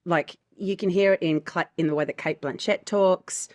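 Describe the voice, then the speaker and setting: A low-pitched woman talking casually on a podcast. She explains her ideas through examples, and the close, dry sound puts her right at the mic. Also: moderate pace, darkish tone, no room sound. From Australia. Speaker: voice actor podcast host. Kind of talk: casual chat.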